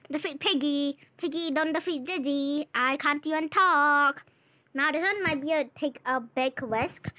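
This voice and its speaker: A woman's voice: high-pitched, a bit bright. A woman giving casual commentary while playing a game, chatty and jumpy, narrating every move, repeating herself and trailing off. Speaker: gameplay channel host.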